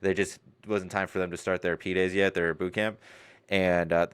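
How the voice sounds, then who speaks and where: A man who is a Navy drill instructor, answering interview questions in a relaxed, rambling way with laughs between points. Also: deep voice, normal speed, smooth, no echo. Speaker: Navy recruit division commander, guest.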